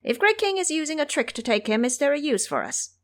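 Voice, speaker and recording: Woman doing high anxious little demon imps, audio drama, jumpy voices. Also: very animated, fairly quick, a bit bright. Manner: anxious, questioning. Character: eager little male demon minions.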